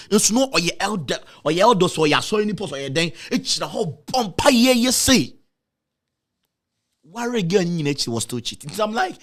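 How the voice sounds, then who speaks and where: Ghanaian guy with a high voice getting all emotional telling his story, lots of repeating. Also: a bit bright. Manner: emotional, repetitive, with dramatic pitch swings. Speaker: guest telling a personal story. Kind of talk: emotional storytelling, switching between Twi and English.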